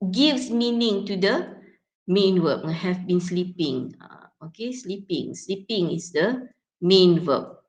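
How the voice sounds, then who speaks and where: In a classroom lecture, a young woman with a Malaysian accent and medium pitch teaches English pronunciation. She mixes in Malay words and often checks in with "yeah?" and "okay".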